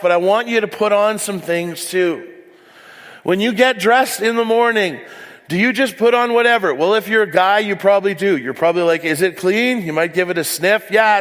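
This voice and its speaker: Preaching in a large church hall, a pastor's voice sits high with a fairly bright tone. His sermon leans on honest, self-mocking stories and plenty of asides.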